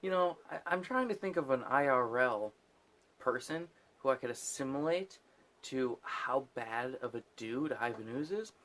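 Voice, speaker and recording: A man's voice: mid-range voice, expressive, measured pace, fairly bright tone. Drunk man rambling through a movie. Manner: rambling, swearing, laughing at his own jokes. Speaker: host recapping a movie. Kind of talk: casual movie recap.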